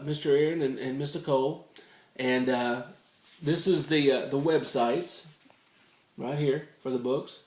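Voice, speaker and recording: Folksy Southern man in an echoey room. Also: medium pitch. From Tennessee, United States. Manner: folksy, rambling, good-humored. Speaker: ukulele book reviewer. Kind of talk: casual video review. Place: indoor room with a window. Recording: roomy echo in a room.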